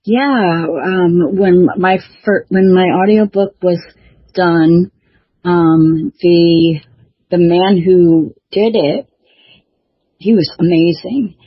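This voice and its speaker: Husky, hesitant woman author. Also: lowish voice, extremely slow, no room sound. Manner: hesitant, full of fillers and restarts. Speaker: author and show host. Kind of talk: casual chat. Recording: dull lo-fi dry recording.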